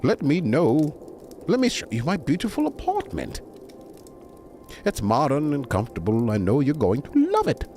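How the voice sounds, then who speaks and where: Man voicing a gushing, over-friendly woman neighbor for a bedtime storybook; high and swooping. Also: wildly swooping pitch, normal speed, a little hiss or hum. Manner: bright, beaming, overly friendly. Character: eager, gushing female neighbor.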